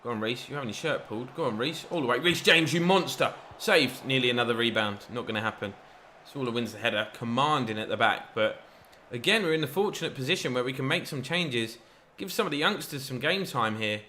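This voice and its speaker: A man giving chatty, excitable play-by-play commentary over a football video game. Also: medium pitch, brisk, hardly any pauses, a little hiss or hum. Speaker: gaming YouTuber.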